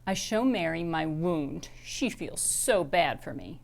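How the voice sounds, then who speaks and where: A woman reads a children's chapter book aloud with a lively, swooping pitch. Her delivery is expressive and animated throughout. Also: takes it slowly, creaky. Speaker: reader.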